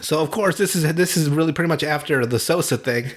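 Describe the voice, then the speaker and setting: A man's voice: on the high side, quick pace. A man hosting a podcast over a remote call, retelling a movie in a casual, profane way and laughing often. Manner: profane, laughing, animated storytelling. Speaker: podcast host.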